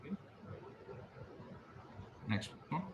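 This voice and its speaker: A man's voice: very slow, a little hiss or hum. A man tutoring biblical Hebrew one-on-one, patiently modelling pronunciation and encouraging his student. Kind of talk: one-on-one language lesson.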